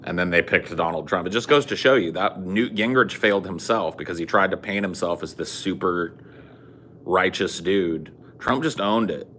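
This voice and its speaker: A man's voice: deep voice, moderate pace, fairly bright tone, slight background noise. A man hosting a casual streamed podcast chat, talking bluntly and swearing a lot. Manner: profane, blunt, opinionated. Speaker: podcast host.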